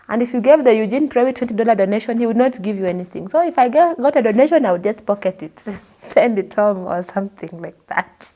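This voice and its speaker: A woman from Kenya with a Kenyan accent, a guest telling her personal story in an expressive way and acting out the people she quotes. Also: on the high side, fast. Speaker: interview guest.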